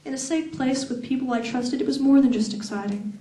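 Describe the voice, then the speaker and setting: A woman's voice: sits high, mellow, distant mic. Woman reading fiction aloud in an echoey room. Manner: slow, deliberate, sensual reading. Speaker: author reading her novel. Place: fan event room. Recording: echoey room heard from afar.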